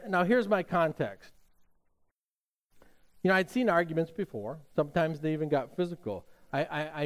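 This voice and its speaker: Pastor preaching in a chatty, storytelling way. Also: male voice, a little high, a little mellow. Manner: conversational storytelling with frequent fillers and restarts. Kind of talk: sermon.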